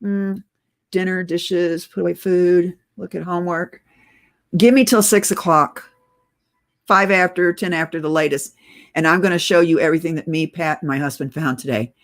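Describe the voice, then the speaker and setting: Middle-aged lady on oxygen, kinda breathless, ranting to her viewers, lower voice, calls everyone guys. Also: steady tone, normal speed. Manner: urgent, conspiratorial, addresses viewers as guys. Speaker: political video blogger. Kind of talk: casual direct-to-camera rant.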